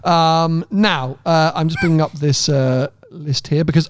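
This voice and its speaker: A man co-hosting a car podcast in casual chat, animated and quick to laugh. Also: fairly high pitch, no room sound, clean studio sound. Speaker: podcast co-host.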